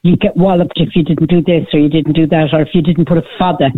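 An older Irish woman phones in to a radio talk show, her voice thin and squeezed by a tinny phone line. She tells a story with lively sarcasm and puts on the voices of the people in it. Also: deep voice, fast, slightly rough. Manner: animated storyteller, sarcastic, acts out quoted speech. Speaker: caller.

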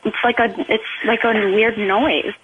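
A woman's voice: a little high, fairly even intonation, moderate pace, slightly rough. A woman on a phone call, flustered and hesitant, stumbling over her words. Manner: flustered, hesitant, full of restarts. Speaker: radio listener pranking her boyfriend. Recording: tinny phone line.

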